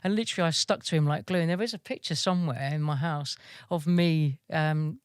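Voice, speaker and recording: A woman's voice: low voice, fairly quick, a little mellow, clean tone, dry recording, studio quality. A woman army veteran being interviewed, telling stories casually, swearing freely and laughing as she goes.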